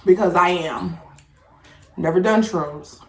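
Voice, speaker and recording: A woman hosting a casual podcast chat, talking bluntly with plenty of swearing and lively storytelling. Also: fairly low pitch, slow pace, reverberant, a little hiss or hum. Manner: blunt, profane, animated storytelling. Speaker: podcast host. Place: home room with incense.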